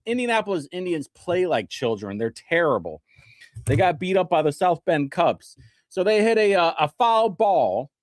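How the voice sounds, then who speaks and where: A man's voice: on the high side, no room sound, clean studio sound. A tipsy man hosting a comedic talk show, rambling and joking with many fillers and restarts.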